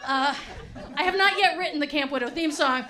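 A woman's voice: high-pitched, brisk, pushed and bright, slight background noise. A woman doing a stand-up comedy set, chatty and laughing, with lots of "like" and "right?".

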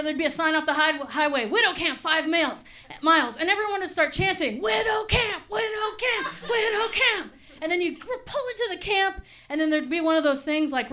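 A woman's voice: sits high, a bit bright. A woman doing a stand-up comedy set, chatty and laughing, with lots of "like" and "right?".

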